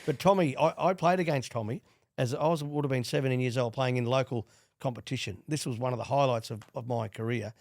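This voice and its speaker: Australian man, middle-aged, gravelly, animated storyteller, dry close sound. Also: medium pitch, fast, dry recording. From Queensland, Australia. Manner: animated storyteller with restarts and laughs. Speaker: guest, former rugby league player and coach. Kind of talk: casual storytelling interview.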